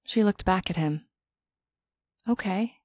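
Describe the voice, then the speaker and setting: A woman narrating an audiobook in a calm, steady storytelling voice. Her pitch sits on the low side, and the recording is close and dry with no room sound. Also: normal speed, dry recording. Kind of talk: scripted narration.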